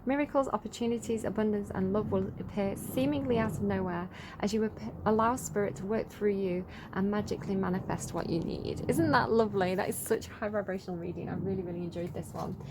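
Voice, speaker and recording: A woman's voice: medium pitch, quick pace, noisy background. A woman with an English accent giving a casual, chatty tarot reading, reading out card text and then riffing on it with frequent small laughs. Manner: chatty, giggly, reads card text then riffs freely. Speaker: tarot reader.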